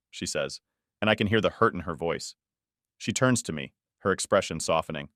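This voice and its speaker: A man reading a first-person story as a scripted narration, in an even, measured manner. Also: low-pitched, no room sound, clean studio sound.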